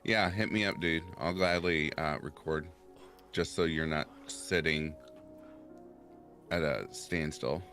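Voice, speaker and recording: A man with an extremely deep voice talks loosely on a live stream, telling stories and laughing along with them. He's a guest in a relaxed chat with faint music underneath. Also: takes it slowly, pauses often. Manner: rambling, laughs at own stories. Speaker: podcast guest. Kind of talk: casual chat.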